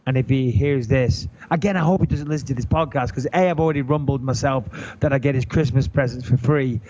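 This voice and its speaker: A man in his thirties with an English accent, chatting on a podcast in an animated, joking and profane way. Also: mid-range voice, brisk, dull audio. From England. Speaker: podcast guest. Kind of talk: casual podcast chat.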